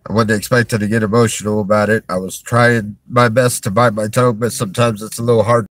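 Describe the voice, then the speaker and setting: A man talking to viewers on a livestream, halting and strained, restarting his sentences and sighing, from a parked vehicle in a store parking lot. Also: lowish voice, level tone, fairly bright tone, dry recording. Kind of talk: emotional livestream talk to viewers.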